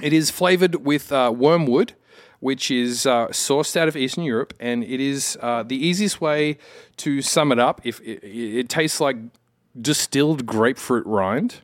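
A man's voice: medium pitch, unhurried, no room sound, clean studio sound. A man with an Australian accent, a podcast guest, chatting casually and telling rambling, self-mocking stories. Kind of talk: casual chat.

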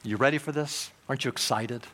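A man preaching a sermon as pastor, emphatic, swinging between loud urgent points and hushed low ones. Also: fast, a little hiss or hum. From United States.

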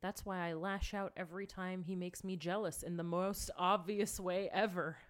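A woman's voice: lowish voice, fairly even intonation, normal speed. A tipsy woman co-hosting a comedy podcast, chatting casually and firing off sarcastic quips. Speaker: podcast co-host. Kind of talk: casual comic banter.

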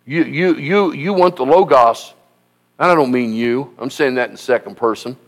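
A man preaching a sermon as pastor, emphatic and repetitive, rising at times to shouts. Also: mid-range voice, moderate pace.

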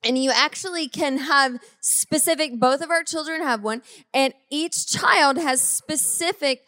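Measured woman co-host, dry close sound. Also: high voice, sharp tone, dry recording. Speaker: co-host of a faith talk show. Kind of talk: conversational reflection.

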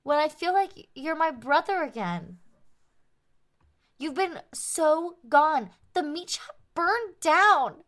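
A woman's voice: high voice, very animated, moderate pace, few pauses. A woman voicing an earnest, anxious young woman pleading with her brother, stammering and restarting as she insists. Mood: upset. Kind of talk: tabletop role-play acting.

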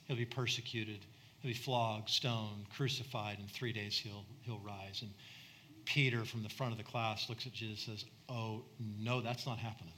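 A man preaching a sermon as a pastor, animated, acting out the people he quotes. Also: lowish voice, normal speed, a little hiss or hum. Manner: animated, acts out quoted voices.

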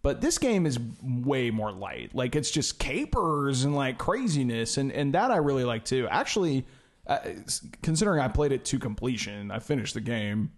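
A man co-hosting a casual podcast chat about video games, talking in an animated way and laughing easily. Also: medium pitch, moderate pace. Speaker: podcast co-host.

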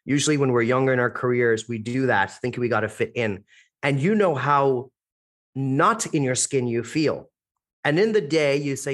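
A man with an American-sounding accent, a guest on a podcast interview. He speaks with punchy emphasis and keeps firing rhetorical questions. His voice sits at a middle pitch. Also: lively intonation, moderate pace. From India, raised internationally. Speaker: guest, public speaking coach.

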